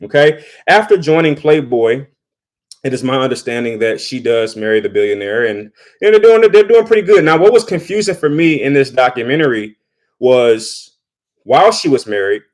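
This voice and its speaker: Chatty man reacting on camera. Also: mid-range voice. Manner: conversational, repeats words while thinking. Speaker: vlogger. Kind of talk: casual commentary.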